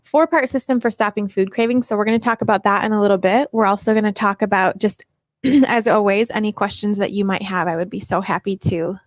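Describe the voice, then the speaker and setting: Middle-aged woman host, chatty live-stream Q&A, dry close mic, mid pitch. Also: fairly quick, no echo. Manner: chatty and upbeat, greets viewers by name. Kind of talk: casual live Q&A chat. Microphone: personal microphone.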